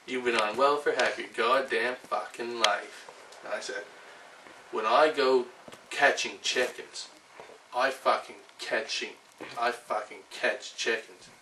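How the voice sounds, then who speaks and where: A man's voice: medium pitch, fairly even intonation, takes it slowly, lightly acted. A man reciting a monologue as a foul-mouthed, boastful male chicken catcher, ranting profanely, recorded roomy and from a distance with faint ambient noise.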